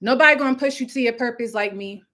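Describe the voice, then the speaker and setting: A young woman giving a loud, passionate motivational talk on a live stream, laughing often as she preaches. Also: a little high, fast talker. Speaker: host of a live coaching stream. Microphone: phone or webcam at home with ring light.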